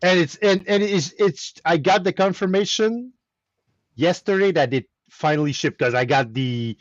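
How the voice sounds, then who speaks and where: A man with a French Canadian accent, host of a weekly chat stream, tells a story in a casual chat, animated and restarting again and again. His voice is high, at a moderate pace, and the recording is dry and dull.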